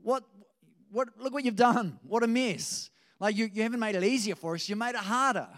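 Guy putting on an annoyed complaining crowd, loud and high. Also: fairly quick. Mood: exasperated. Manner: exasperated, complaining. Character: crowd of exasperated complaining people.

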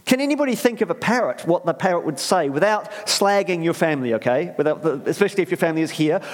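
Chatty New preacher, animated pitch. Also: male voice, fast. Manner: rambling, chatty, many fillers and restarts, asks the audience questions. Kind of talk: conversational sermon. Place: church. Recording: reverberant church hall.

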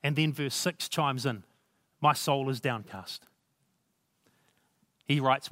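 A man's voice: medium pitch, takes it slowly, bright, forceful tone, no echo, clean studio sound. A man preaching a sermon in an earnest, conversational way, reading scripture aloud and reflecting on it.

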